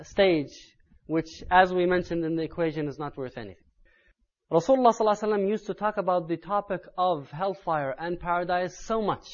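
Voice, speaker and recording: A man delivering an Islamic sermon in an earnest tone that builds to loud, urgent emphasis. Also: high-pitched, highs cut off. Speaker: Islamic preacher.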